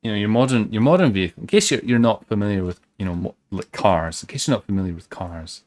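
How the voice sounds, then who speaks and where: A man's voice: lowish voice, fast, darkish tone. A man streaming a game, chatting casually in a rambling, sweary way with lots of fillers and restarts. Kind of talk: casual gameplay commentary.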